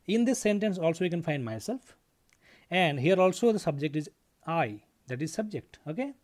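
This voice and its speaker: A man's voice: fairly high pitch, a little mellow. Explanatory male English teacher. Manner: explanatory, repeats points, frequent "okay". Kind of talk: grammar lesson.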